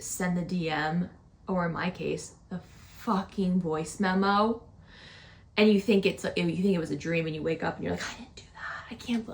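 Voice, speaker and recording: A woman's voice: lowish voice, creaky. A young adult woman hosting a podcast, telling a rambling story in a casual, chatty way with many fillers, sometimes dropping into a whisper. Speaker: podcast host.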